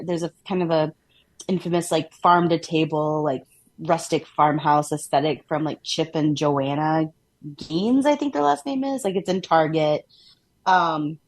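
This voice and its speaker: This podcast co-host is a woman from Minnesota whose deep, darkish voice carries a clear Minnesotan accent. She keeps the talk chatty and upbeat, with frequent laughter and lots of "like" thrown in.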